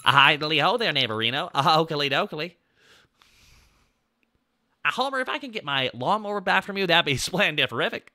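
A man's voice: a little high, big pitch swings, a little fast, long pauses, pushed and bright, dry recording, exaggerated voice. A man impersonating a cheery, goofy male neighbor from a cartoon, in a singsong manner. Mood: chipper.

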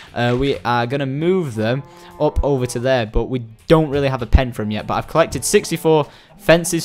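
A young Scottish man giving casual, excitable commentary while playing a building game, chatting to viewers and the animals. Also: medium pitch. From Scotland. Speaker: gaming commentator.

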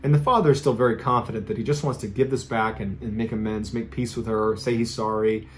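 A man's voice: lowish voice, fairly even intonation, quick pace, a little hiss or hum. Man narrating spooky true stories. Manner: dramatic, conversational storytelling. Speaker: host.

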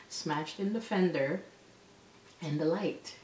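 A woman telling a story in a casual vlog, animated and exasperated. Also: on the low side, drawn-out words. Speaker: vlogger. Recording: echoey room, mic at a distance, faint background noise.

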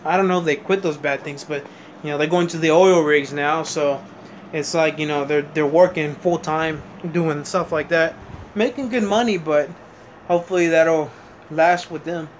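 A young man with a fairly high voice talks straight to the camera in a loose, rambling storytelling style, full of restarts and casual swearing. A faint hum of room ambience sits behind him. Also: moderate pace. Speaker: vlogger.

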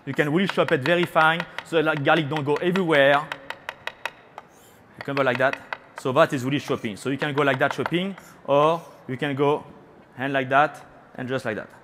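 A man's voice: fairly high pitch, fairly even intonation, fairly quick, background noise. A man from France with a French accent, a chef giving a chatty live cooking demonstration on a trade show stage, teasing the audience and slipping into French phrases.

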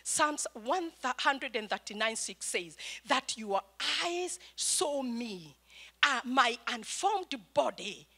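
An older woman pastor from Kenya preaching a fervent sermon, rising into shouted praise and acting out her family's phone calls. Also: fairly high pitch, very animated, slow. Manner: quotes family calls in small voiced asides.

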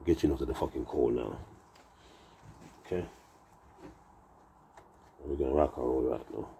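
A man's voice: a bass voice, a little slow, vocal fry, dark tone, a little hiss or hum. A Jamaican man in his sixties, telling rambling, profane, boastful stories in a casual live-stream chat. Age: 60s.

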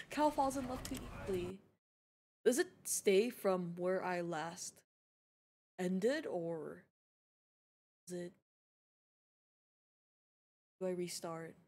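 A woman's voice: fairly low pitch, slow pace, pauses often, darkish tone. A young woman streaming a game, chatting to her viewers in a giggly, teasing, playful way. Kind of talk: casual gaming live-stream chat.

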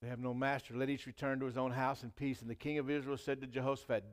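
A man's voice: mid-range voice, level tone, fast talker, few pauses. Male pastor, conversational sermon delivery, mid-range voice, reads scripture with building emphasis. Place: church.

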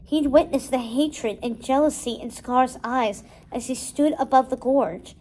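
A woman reading a storybook aloud with steady, expressive narration. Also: sits high, a little slow, poor audio. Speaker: storybook reader.

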